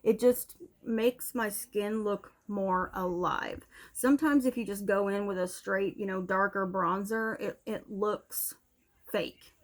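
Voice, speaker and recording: Young woman, beauty vlogger, casual candid chat, slightly out of breath, middle pitch, home recording. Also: fairly even intonation, takes it slowly. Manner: chatty, candid, talks to her dog mid-review. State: a little out of breath. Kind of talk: casual product review chat. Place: home room, TV on in background.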